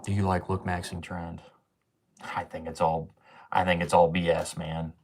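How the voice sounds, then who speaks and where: A young man talks to his livestream chat in a loose, slangy rant full of swearing. His voice sits on the low side, and his talk is offhand and casual. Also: level tone, normal speed, gravelly, darkish tone, slight background noise. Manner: slangy, ranting, swears often.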